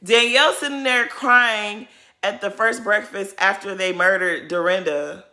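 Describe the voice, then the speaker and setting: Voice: mid-range voice, a little slow, pushed and bright. A commentator giving sassy, casual reaction commentary on a reality show, talking straight at the cast.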